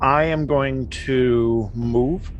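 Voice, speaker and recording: A man's voice: mid-range voice, steady tone, drawn-out words, dull audio, slight background noise. A man playing a tabletop game, stating his actions tersely. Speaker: player. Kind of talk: casual tabletop play.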